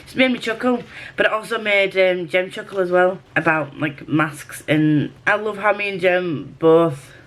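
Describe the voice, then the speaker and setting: A woman's voice: fairly low pitch, normal speed, fairly bright tone. Young woman rambling about books at home, chatty and self-mocking, swears a bit. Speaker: book vlogger. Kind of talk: casual vlog chat to camera.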